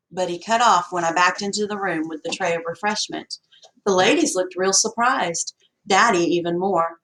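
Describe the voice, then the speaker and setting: A woman narrating an audiobook in the first person, in a folksy, expressive storytelling manner. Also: mid-range voice, poor audio.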